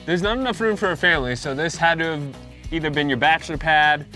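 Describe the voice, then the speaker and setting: A man's voice: fairly high pitch, fast talker, over music. A man co-hosting a travel show, teasing his partner in a dry way and signing off. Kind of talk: casual banter and sign-off.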